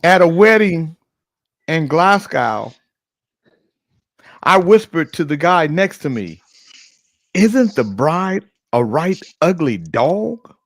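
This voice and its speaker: High-voiced man teasing on a morning show. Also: big pitch swings, takes it slowly, long pauses, dry recording, studio quality. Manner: playful, profane, teasing. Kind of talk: casual banter and joke telling.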